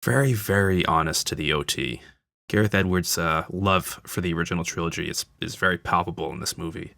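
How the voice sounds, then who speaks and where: A man's voice: sits low, brisk, creaky, bright, forceful tone, dry recording, studio quality. A man hosting a casual film commentary, talking like an enthusiastic fan with frequent fillers and restarts. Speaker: channel host.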